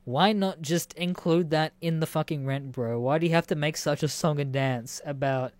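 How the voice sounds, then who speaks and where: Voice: mid-range voice, normal speed, hardly any pauses, darkish tone, dry recording. A speaker reading out odd news stories and reacting with incredulous, laughing, swearing asides. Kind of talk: casual reaction commentary.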